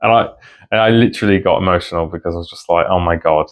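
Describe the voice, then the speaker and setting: A man's voice: low voice, racing. A man vlogging about books in a rambling, heartfelt casual chat to camera. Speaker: book vlogger.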